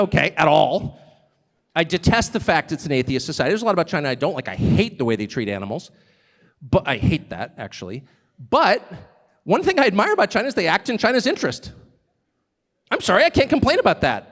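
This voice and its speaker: Animated high-voiced man, sarcastic speech. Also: gravelly, in a large hall. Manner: conversational, sarcastic asides, laughs often. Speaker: speaker at a live event. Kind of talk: live speech to an audience.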